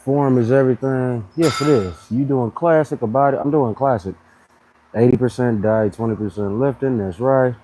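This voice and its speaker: A man's voice: moderate pace, a little hiss or hum, poor audio. Blunt, slangy man on a live fitness stream. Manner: blunt, animated, slangy, mimics people in high voices. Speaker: fitness channel host. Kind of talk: casual live-stream chat.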